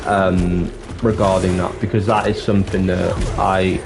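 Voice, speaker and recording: A man talks on a livestream in a candid, rambling way, with the odd swear word. His voice sits a little low. Music plays clearly behind him. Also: level tone, measured pace. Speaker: live streamer. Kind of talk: casual livestream chat. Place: dark room with the light off.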